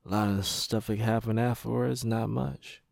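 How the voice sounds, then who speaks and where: Guy rambling slow on his podcast, gravelly low voice, dry close sound. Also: steady tone, darkish tone, dry recording. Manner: slow, reflective, rambling with pauses. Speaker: podcast host. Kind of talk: casual personal storytelling monologue.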